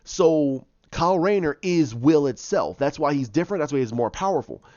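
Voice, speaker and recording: A man's voice: fairly high pitch, expressive, normal speed, darkish tone, no room sound, highs cut off. A man casually retelling his own movie idea, rambling with many restarts and repeated words. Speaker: fan pitching his own movie plot.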